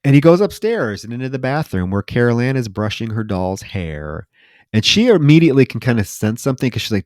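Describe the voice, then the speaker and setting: A man's voice: mid-range voice, sing-song, a little fast, darkish tone, no room sound. A man co-hosting a podcast, casually recapping a film and acting out its lines with lots of fillers. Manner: retells scenes acting out lines, filler-heavy. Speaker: podcast co-host. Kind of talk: casual movie recap chat.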